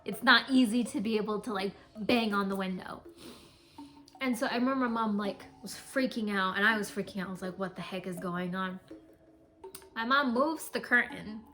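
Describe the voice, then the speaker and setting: A woman's voice: medium pitch, a little fast, soft background music. A young woman casually telling a spooky family story, rambling with lots of fillers. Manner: rambling, filler-heavy, animated. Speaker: co-host.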